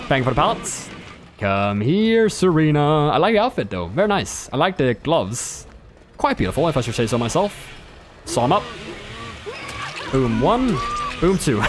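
Man, game streamer, live commentary, playful, joking, slightly high voice, faint background hiss. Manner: playful, joking, self-amused. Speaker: gameplay streamer.

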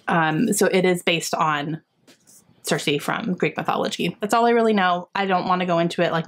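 A young woman chats eagerly through a gift unboxing for her book channel. Her voice sits a little low. A faint hiss runs under the recording. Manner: excited and chatty, gasping and laughing often. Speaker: book vlogger. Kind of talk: casual unboxing chat.

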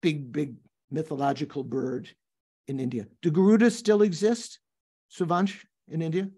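An older man leads a class on a Buddhist text, reading passages aloud and stopping to explain them. His voice is husky and mellow, pitched a little high, and he talks in a thoughtful, halting way, often turning to ask his students questions. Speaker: Buddhist teacher.

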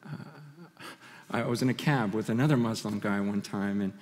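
A man giving a conference sermon, telling personal stories in an animated way, full of restarts and laughter. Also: fairly low pitch, normal speed. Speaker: conference speaker. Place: large conference hall stage. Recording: hall reverb from a large venue.

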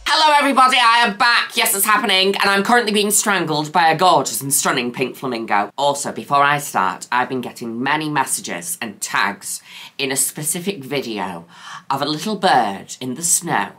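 A woman's voice: animated, normal speed, a bit bright. A woman hosting a gaming video, theatrical and camp, full of playful catchphrases. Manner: swoops between high squeals and low drawls. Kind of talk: casual gameplay commentary.

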